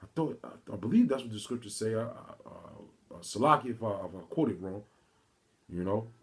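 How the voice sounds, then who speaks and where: A man giving an informal video sermon, reading scripture haltingly and preaching in casual street talk, calling his listeners "man" again and again. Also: on the low side, expressive. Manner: reads scripture aloud haltingly, with restarts. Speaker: religious teacher. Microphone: phone or camera mic.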